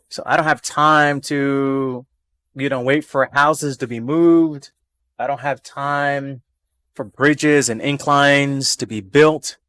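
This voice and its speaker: A man's voice: medium pitch, a bit bright, no room sound. A man chatting casually on a live stream from his home gaming setup into a desk microphone, rambling and repeating phrases over and over.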